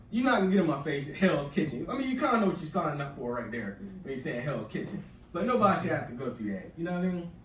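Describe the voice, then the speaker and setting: This forties East Coast shore comic talks quickly in a fairly high voice with big pitch swings, his rambling, profane stand-up delivered conversationally. The audio sounds muffled, captured from afar in an echoey room with faint noise.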